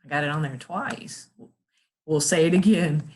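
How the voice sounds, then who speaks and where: A patient woman teaching phonics to young children. She sounds out letters and syllables very slowly and clearly, with a slightly low voice. She praises the listener often and gives steady encouragement.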